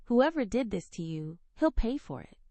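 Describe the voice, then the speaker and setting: Worried protective young man read by a woman, urgent pleading questions, animated pitch, dry close sound. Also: moderate pace, no echo.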